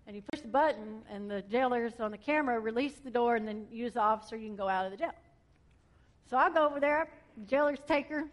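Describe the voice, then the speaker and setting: A woman police officer telling a testimony story in a colloquial, self-mocking, animated way. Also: on the high side, quick pace.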